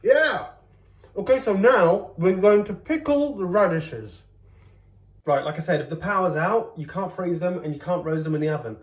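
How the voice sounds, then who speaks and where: A man hosting a casual cooking vlog from his home kitchen, joking around and exclaiming loudly as he tastes. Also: high-pitched, lively intonation, moderate pace. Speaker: host, comedian cooking at home. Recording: roomy kitchen sound. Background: faint background music.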